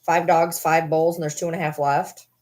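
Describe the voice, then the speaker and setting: A woman's voice: deep voice, level tone, normal speed, darkish tone. A woman vlogger at home, chatting casually and teasing her dogs with baby talk.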